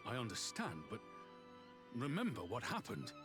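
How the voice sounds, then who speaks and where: A devoted veteran general. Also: male voice, medium pitch, huge pitch swings, moderate pace. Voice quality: formal, old-fashioned speech. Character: loyal veteran male general, gruff and devoted. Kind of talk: video game cutscene acting. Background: game music.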